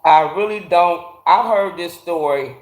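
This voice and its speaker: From a garage, a man chats casually with his livestream audience over a phone, cursing and ranting bluntly while naming viewers as he greets them. His slightly high voice keeps a measured pace and echoes hollowly off the room.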